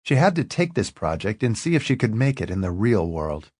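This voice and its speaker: A man narrating an audiobook in an expressive, lively reading. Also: lowish voice, a little fast, breathy edge, no echo, clean studio sound.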